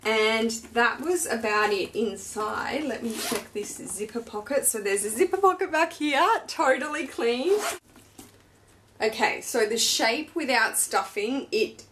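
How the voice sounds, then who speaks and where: A woman's voice: fairly high pitch, animated, unhurried, fairly bright tone, slight background noise. A woman in her thirties, a fashion vlogger, talking in a gushing, chatty and emotional way as she unboxes and shares personal news. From Australia. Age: 30s.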